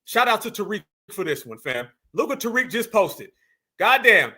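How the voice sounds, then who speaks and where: A man hosting a live stream, reacting to a clip with loud, mocking, dismissive commentary and lots of repetition. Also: high-pitched, sing-song, moderate pace. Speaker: livestream host.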